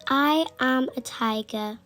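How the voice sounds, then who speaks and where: A woman's voice: sits high, slow pace, fairly bright tone. A woman reading aloud and voicing a boastful little male mouse who insists he is a tiger, talking in a stubborn, playful way. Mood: stubborn boasting. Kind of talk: storybook read-aloud.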